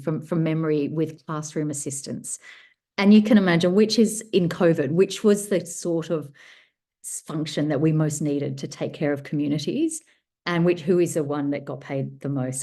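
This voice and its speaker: Low-voiced woman author on a call. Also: warm tone. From Australia. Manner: thoughtful, rambling with restarts. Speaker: guest author. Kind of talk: casual workshop answer.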